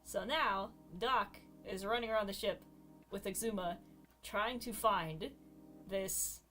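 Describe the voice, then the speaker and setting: A woman casually retelling a story with animated, giggly energy. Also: mid-range voice, takes it slowly, faint music behind. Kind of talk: casual storytelling while gaming.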